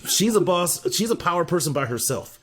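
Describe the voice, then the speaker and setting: A man's voice: on the high side, lively intonation, a little fast, a bit bright. An American man co-hosting a podcast, giving blunt, opinionated takes in casual chat. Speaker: podcast co-host.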